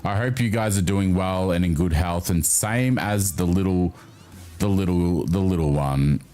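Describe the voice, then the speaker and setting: A man hosting a livestream, chatting casually with his viewers and swearing freely. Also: measured pace. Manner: animated, chatty, swears freely, jumps up in pitch. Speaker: livestream host. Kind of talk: casual chat with stream viewers.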